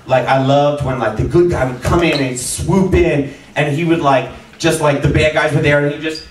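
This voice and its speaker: A man's voice: on the high side, fairly even intonation, moderate pace. A man doing a stand-up comedy set, telling a rambling story full of fillers and laughs. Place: small comedy venue with a live audience. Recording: echoey room heard from far off, audience noise. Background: audience laughter.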